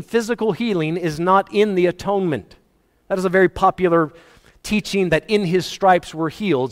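A male pastor preaching a sermon emphatically, his voice rising and falling in pitch and loudness. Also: big-room sound. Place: church.

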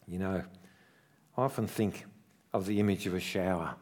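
A middle-aged man, a pastor, preaching a sermon with earnest storytelling that swells in emphasis and then drops into soft, slowed asides. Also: low voice. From Australia.

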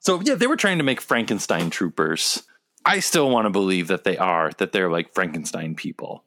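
A man co-hosting a relaxed podcast, trading jokes and laughing often. His pitch is very animated, rising and falling as he talks. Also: moderate pace. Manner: joking, lively, laughs often. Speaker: podcast co-host. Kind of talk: casual chat reacting to a trailer.

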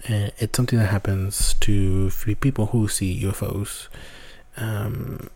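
Male podcast host, low, dark husky voice, rambling casual storyteller who swears. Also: steady tone, a little slow. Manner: rambling, swears often, restarts a lot.

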